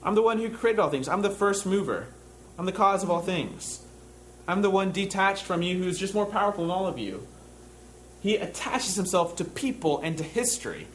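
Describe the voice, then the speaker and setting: Male preacher, higher-pitched voice, conversational sermon delivery with emphatic reflective passages; faint background ambience. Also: expressive, moderate pace, slight background noise. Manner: conversational, with tag questions to listeners. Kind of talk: sermon with scripture reading.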